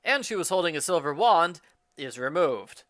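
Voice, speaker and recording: A man briskly reading out a matter-of-fact list of changes made to a book. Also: fairly high pitch, very animated, a bit bright, no room sound, clean studio sound. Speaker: book reviewer listing edits.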